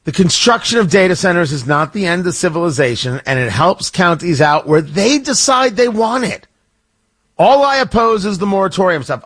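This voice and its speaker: A man hosting a talk radio show, giving opinionated commentary with sarcastic asides. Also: sits high. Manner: sarcastic, animated, rambling asides. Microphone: studio microphone.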